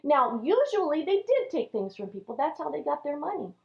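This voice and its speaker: A woman teaching Sunday school, telling a Bible story to children in an animated way. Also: high voice, a little fast, gravelly. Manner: animated, acts out characters' lines. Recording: dull lo-fi recording.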